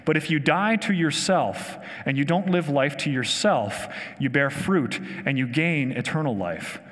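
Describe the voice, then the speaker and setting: A man's voice: fairly high pitch, animated, measured pace, a bit bright. A man preaching a conversational sermon, enthusiastic and asking his listeners questions. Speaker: pastor. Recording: long hall reverb.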